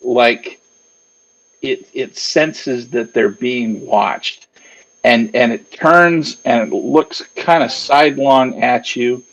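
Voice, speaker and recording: A man's voice: mid-range voice, steady tone, slow pace, fairly bright tone, highs cut off. A man narrating a tabletop game as game master, meandering with lots of fillers.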